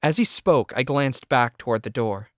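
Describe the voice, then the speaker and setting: A man reading a first-person audiobook narration in a steady, measured way. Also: mid-range voice, no room sound, studio quality.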